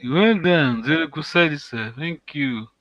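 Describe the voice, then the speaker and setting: A man teaching a language lesson online, patiently encouraging students and saying words slowly for them to repeat. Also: a little high, a bit bright, dry recording, highs cut off. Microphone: video call.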